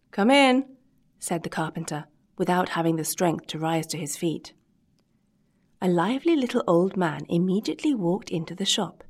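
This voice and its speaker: A woman narrating a classic storybook chapter in a steady, measured reading voice. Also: lowish voice, slightly rough. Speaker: audiobook reader.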